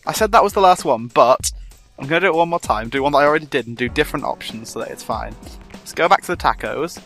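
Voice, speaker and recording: A man's voice: fairly high pitch, lively intonation, fast talker, faint music behind. A man casually commenting on a text game he plays, amused and chatty, reading the story aloud. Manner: chatty, amused, reads narration softly. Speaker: gamer.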